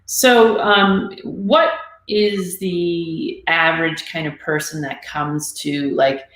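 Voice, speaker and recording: A woman hosting a conversational interview, speaking thoughtfully and haltingly with many restarts. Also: low voice, steady tone, a bit bright. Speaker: talk show host and Reiki practitioner. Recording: echoey room.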